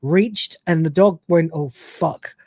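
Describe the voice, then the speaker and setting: A woman's voice: on the low side, slow, darkish tone, husky, no room sound, studio quality. A British woman hosting a livestream, reacting to clips and reading super chats, swearing a lot, often exasperated, and laughing often. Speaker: host.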